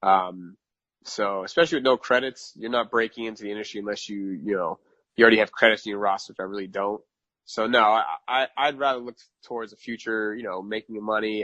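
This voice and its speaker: A man's voice: on the low side, a little fast, pushed and bright, no echo. A man in his thirties talking candidly and with self-assurance as a podcast guest. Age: 30s. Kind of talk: casual interview. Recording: dry lo-fi sound.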